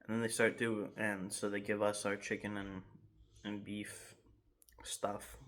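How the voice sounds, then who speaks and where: Low-voiced man telling a rambling story. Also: measured pace. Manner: rambling, animated retelling with laughs and restarts. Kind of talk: casual story time. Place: home garage.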